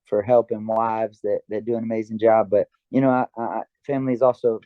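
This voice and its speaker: A man's voice: fairly low pitch, level tone, fairly quick, no echo. Man, interview guest, earnest, reflective, dull lo-fi recording. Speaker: guest, karate fighter and dojo owner. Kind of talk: casual interview chat. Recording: dull lo-fi dry sound.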